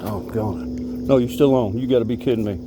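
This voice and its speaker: A man from Alabama, chatting to the camera from a kayak and talking excitedly to the fish he catches. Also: mid-range voice, fairly quick, background noise. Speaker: fishing vlogger. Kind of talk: casual talk to camera while fishing. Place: kayak on a creek outdoors.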